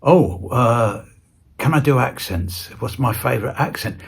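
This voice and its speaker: Husky, playful British man. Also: medium pitch, unhurried. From Britain. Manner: playful, rambling, with stammered restarts. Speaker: interview guest. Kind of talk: casual chat.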